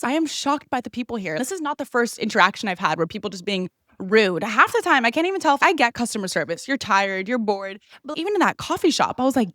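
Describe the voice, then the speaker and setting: A young woman from California, hosting a podcast, ranting in animated casual chat and swearing freely. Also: medium pitch, no echo, studio quality. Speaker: podcast host.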